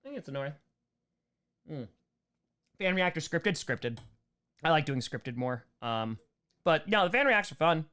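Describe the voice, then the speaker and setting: This livestream host, a young guy from New York, breezes through a casual Q&A, thanking donors in rapid bursts. His voice sits on the high side with a clean tone, bouncing up and down as he riffs, and the mood stays relaxed and cheerful.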